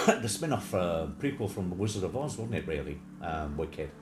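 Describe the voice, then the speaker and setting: Man, livestream host, rambling casual chat, deep with an animated lilt, noisy home recording. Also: normal speed, reverberant. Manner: rambling, many fillers, breaks into sung snatches and mimicked accents.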